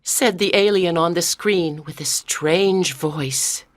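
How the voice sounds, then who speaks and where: A woman narrating a graded-reader story for language learners in a clear, careful reading. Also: fairly low pitch, slow pace, no room sound. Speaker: audiobook narrator.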